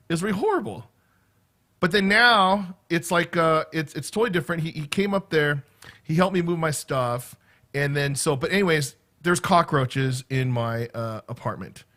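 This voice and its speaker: A man's voice: medium pitch, fairly bright tone. A middle-aged man rambling casually to his viewers, stringing stories together with constant "right?" and "okay?" asides. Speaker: vlogger. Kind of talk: casual rambling chat to camera.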